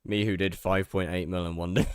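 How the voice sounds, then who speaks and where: A man's voice: low voice, moderate pace, clear, resonant tone, no room sound, clean studio sound. A man streaming a game, chatting casually with his viewers, greeting them by name and tossing in offhand, self-mocking asides. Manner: animated, greets viewers by name one after another. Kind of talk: casual livestream chat with viewers.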